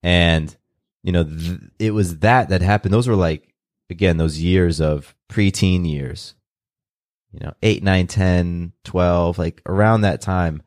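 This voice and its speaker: Low voiced guy from california, earnest and open, dry close sound. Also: fairly even intonation, darkish tone, no room sound. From California, USA. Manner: open, earnest, unhurried with restarts. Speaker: guest. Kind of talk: reflective personal storytelling.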